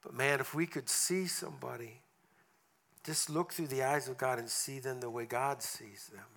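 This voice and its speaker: Bright-voiced man preaching. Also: mid-range voice, normal speed, gravelly. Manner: earnest, with soft drops in prayer. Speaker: guest preacher. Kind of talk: storytelling sermon and prayer. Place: church service room.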